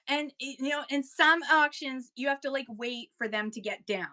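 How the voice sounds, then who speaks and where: A woman's voice: on the high side, measured pace, pauses often, sharp tone. A woman hosting a live seller chat, talking casually and rambling, slipping into auctioneer patter, with a Kentucky accent. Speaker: host giving seller tips.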